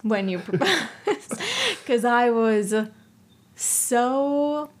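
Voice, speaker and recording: Woman co-host, high voice, unhurried, animated casual movie talk. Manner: animated, acts out movie characters, swears casually. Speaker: podcast co-host.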